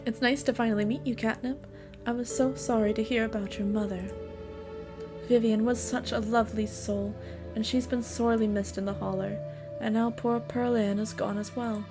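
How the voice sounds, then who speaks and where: A woman's voice: on the high side, steady tone, normal speed, music in the background, natural voice. Woman doing a genteel older herbalist hostess. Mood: gracious. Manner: sweetly polite, old-fashioned hostess talk.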